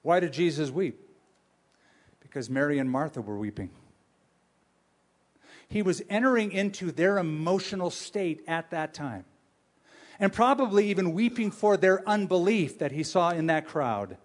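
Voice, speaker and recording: Sex: man. Role: pastor. Style: sermon. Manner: animated, joking, asks the crowd questions. Pitch: fairly high for a man. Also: moderate pace, long pauses. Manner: animated, humorous storytelling with audience questions.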